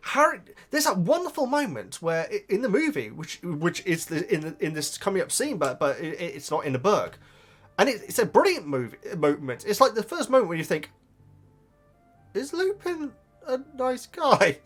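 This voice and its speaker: Man, casual book-review chat, rambling, fairly high voice, faint music behind. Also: very animated, a little fast, a bit bright. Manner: rambling, enthusiastic, laughs often. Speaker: YouTube reactor.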